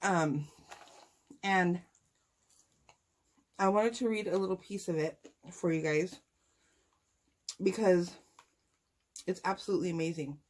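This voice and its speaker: A woman's voice: lowish voice, fairly even intonation, slow pace, pauses often, a little mellow. A woman talking casually and heartfelt to her viewers while eating, emotional and sighing at times. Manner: talks with food in her mouth. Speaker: mukbang vlogger.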